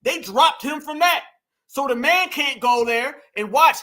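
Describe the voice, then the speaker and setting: High, bright-voiced man, mocking. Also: a little slow. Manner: animated, mocking, talks straight to viewers. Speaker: commentary host. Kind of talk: reaction commentary.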